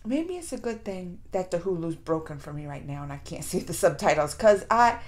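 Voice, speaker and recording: A woman hosting a casual reaction video, retelling scenes in an animated, exasperated way with frequent laughs. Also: on the low side, fairly quick.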